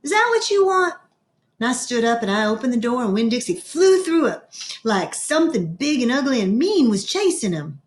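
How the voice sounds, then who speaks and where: Storyteller: woman reading a children's chapter book aloud, expressive, clears her throat now and then. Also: fairly high pitch, fairly quick, a little hiss or hum. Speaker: reader.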